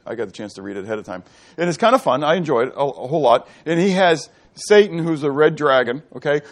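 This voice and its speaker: A middle-aged man preaching a sermon, asking the congregation questions and answering them himself, moving between loud and quiet delivery. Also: mid-range voice. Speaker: pastor. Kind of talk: sermon teaching.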